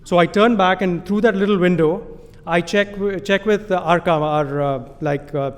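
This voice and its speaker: A man with an Indian accent and a notably high voice tells a live story from a stage, amused and self-deprecating. His voice rings out through a large hall with a long reverb tail. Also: moderate pace. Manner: amused, self-deprecating, chuckling between lines.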